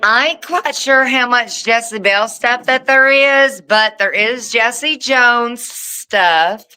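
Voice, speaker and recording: A woman's voice: on the high side, slow pace, bright, forceful tone, smooth, low-quality recording. A woman with a Southern US accent, a wrestling guest telling stories in a chatty, self-mocking way, swearing freely. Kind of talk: casual chat.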